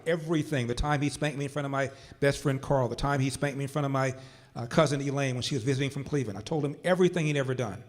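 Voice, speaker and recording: An older man addressing a conference crowd from a stage, his voice sitting in a middle pitch. He tells his story in a measured way, easing into quiet, slow phrases for weight and then pushing up to firm, emphatic points. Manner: storyteller who slows down and drops quiet for emphasis, then rises to forceful points. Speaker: conference speaker. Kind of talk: political speech with personal storytelling.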